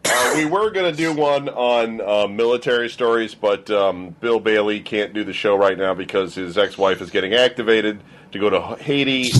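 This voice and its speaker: A man hosting a talk show, wrapping up with relaxed, filler-heavy announcements. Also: lowish voice, rough recording. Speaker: host. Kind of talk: show wrap-up. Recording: faint background noise.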